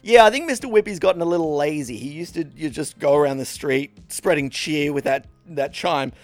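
Man, podcast co-host, casual storytelling, high lively voice, gravelly fry, laughs a lot, swears, stumbles over words. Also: a little fast, no echo, soft background music. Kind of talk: casual chat, comic storytelling.

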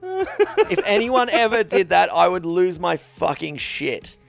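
Guy hosting a podcast, swears a lot, acts out people mid rant, bit high voice. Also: huge pitch swings, slow pace, vocal fry, soft background music. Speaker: podcast host. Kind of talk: casual podcast chat.

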